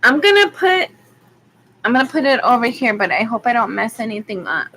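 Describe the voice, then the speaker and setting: A woman's voice: fairly high pitch, big pitch swings, brisk, background noise. A woman from Arizona giving a rambling, chatty live-stream tarot reading, with frequent ums. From Arizona, USA. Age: adult with school-age kids. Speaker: tarot reader.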